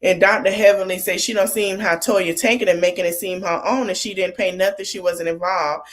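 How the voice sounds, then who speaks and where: A woman's voice: mid-range voice, steady tone, brisk. A woman hosts a casual podcast recap, talking loosely and informally. She laughs often as she retells scenes. She slips in quoted lines from the cast as she goes. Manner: informal colloquial speech. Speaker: podcast host.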